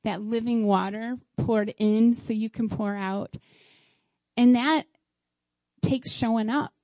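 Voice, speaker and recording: Woman preaching a heartfelt sermon, kinda high voice, slow and tender. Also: steady tone, dark tone, no room sound, rough recording. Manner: heartfelt, tearful at times. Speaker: speaker at a church service.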